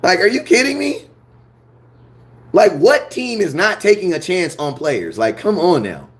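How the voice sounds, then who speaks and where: A man hosting a sports fan channel, ranting his opinions in a blunt, slangy, animated way. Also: high voice, unhurried. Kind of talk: fired-up sports opinion rant.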